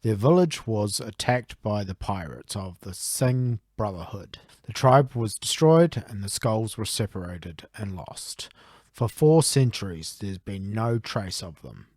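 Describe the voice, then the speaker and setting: An earnest young hero, read by a man, explaining an old legend in a slow, measured way. His pitch rises and falls with the telling, and the sound is dry and close-miked. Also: animated, darkish tone, dry recording. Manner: measured, expository delivery.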